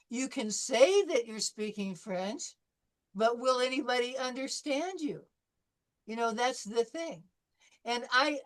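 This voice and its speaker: Chatty older woman teaching French. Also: a little high. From California. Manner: chatty, anecdotal, many fillers and restarts. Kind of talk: classroom lesson wrap-up.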